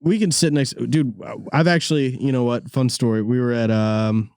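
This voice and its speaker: A young man hosting a podcast, telling stories in a casual, animated way with lots of laughter and sudden high-pitched bits. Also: normal speed, smooth, dry recording, clean studio sound. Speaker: podcast host. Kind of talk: casual storytelling chat.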